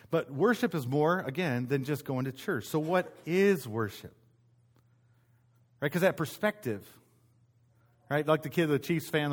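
A man pastor giving a casual, conversational sermon, telling stories with frequent restarts in a church meeting room. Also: a little high. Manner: conversational storytelling, self-interrupting restarts.

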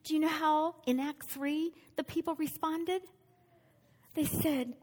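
A woman's voice: sits high, unhurried, a little mellow. A woman preaching a sermon, telling a story with energy and putting questions to her listeners.

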